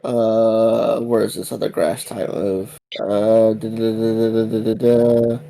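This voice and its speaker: A young man acting as game master, briskly reading out moves and rules and recapping the story in a casual tone. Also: on the low side, flat delivery, creaky, dark tone, no room sound, rough recording. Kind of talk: running a tabletop game over voice chat.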